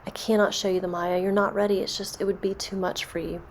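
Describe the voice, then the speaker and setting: A woman doing a calm, gentle male god. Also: medium pitch, quick pace, a little hiss or hum, natural voice. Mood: apologetic. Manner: gentle, reassuring.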